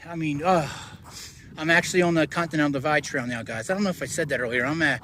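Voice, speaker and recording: A man's voice: on the high side, fast, noisy background. A man on a hiking vlog, talking to the camera while he walks a snowy mountain trail, out of breath and tired from the altitude. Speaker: thru-hiker vlogger.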